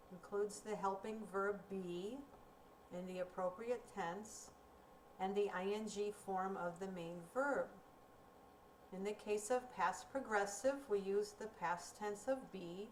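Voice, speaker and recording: A woman teaching a recorded grammar lesson, speaking slowly and clearly in a deliberate teaching manner. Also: mid-range voice. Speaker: ESL teacher. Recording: roomy, distant mic with faint room noise.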